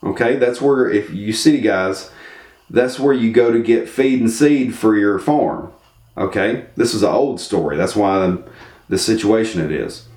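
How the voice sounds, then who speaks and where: A man's voice: fairly low pitch, a little slow. A man telling a story in casual talk and acting out the voices in it. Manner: animated, acts out the voices in his story. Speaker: storyteller giving life advice. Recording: echoey room.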